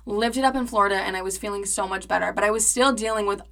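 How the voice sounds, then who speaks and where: A woman's voice: mid-range voice, fast talker, fairly bright tone. A young woman in her twenties hosting a podcast, telling a personal story in a chatty, dramatic way, full of "like" and swearing. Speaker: podcast host. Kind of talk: casual storytelling monologue.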